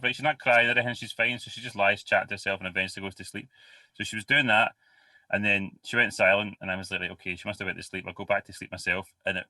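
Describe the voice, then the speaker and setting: A man co-hosting, telling a story in a deadpan way, recorded on a distant mic. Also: on the low side, dry recording. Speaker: podcast co-host. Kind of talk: casual storytelling.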